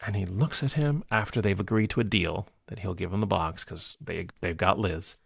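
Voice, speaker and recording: Gravelly-voiced man chatting about movies. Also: low voice, moderate pace, no echo, studio quality. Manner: animated retelling of film scenes, laughing often. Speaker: podcast co-host. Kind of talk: casual movie review chat.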